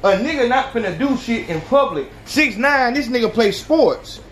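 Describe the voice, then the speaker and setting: A man hosting a podcast, ranting profanely with animated reaction commentary. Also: very high voice, moderate pace, reverberant, far from the mic, a little hiss or hum. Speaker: podcast host.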